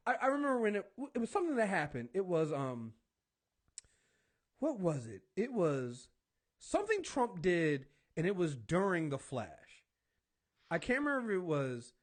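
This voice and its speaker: A man's voice: high-pitched, huge pitch swings, normal speed. A man hosting a talk show, chatting casually and ranting with lots of profanity and acted-out exchanges. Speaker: podcast host. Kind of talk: casual chat.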